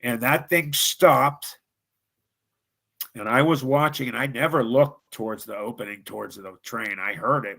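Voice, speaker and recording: Guy from ohio on a live show telling his ghost story, gravelly voice, mid pitch, dramatic and earnest. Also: a bit bright. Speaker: guest telling ghost stories.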